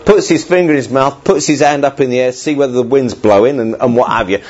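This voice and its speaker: Animated preacher, husky voice. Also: male voice, on the high side, a little fast, hardly any pauses, muffled recording. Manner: conversational, animated preaching with asides to the congregation. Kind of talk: sermon.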